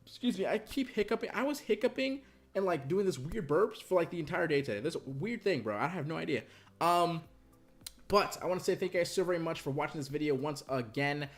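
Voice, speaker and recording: Young male tutorial host, quick rambling delivery, a bit high, bedroom recording. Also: animated. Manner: rambling, repeats "right?" and "you guys". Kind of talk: casual screen-recorded software tutorial.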